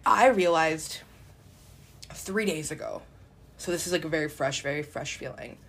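Young woman co-host, casual and tearful, laughs through crying, lively pitch. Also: moderate pace, creaky, slight background noise. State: crying at times. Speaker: podcast co-host. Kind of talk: emotional casual chat.

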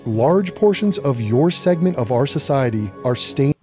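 A man's voice: medium pitch, expressive, a little slow, mellow, faint music behind. A man hosting a talk show, delivering a mocking, profane and emphatic commentary rant. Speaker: radio show host.

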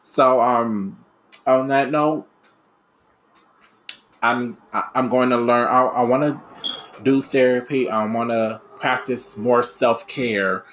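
A man's voice: mid-range voice, fairly even intonation, slow pace, pauses often, a bit bright. A young man talking candidly in a personal reflective monologue, rambling with many fillers and restarts. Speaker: aspiring radio DJ and podcaster.

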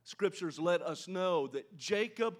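Lively, expressive male preacher. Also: high-pitched, slow. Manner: animated storytelling, voices quoted characters, asks the congregation questions. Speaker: pastor. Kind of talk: sermon.

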